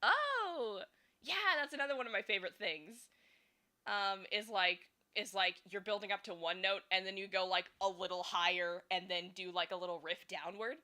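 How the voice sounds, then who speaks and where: A woman's voice: mid-range voice, brisk, pushed and bright. A young woman chatting casually and thinking aloud while she draws, giggling often between fillers. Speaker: streamer and fan artist. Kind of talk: casual chat while drawing.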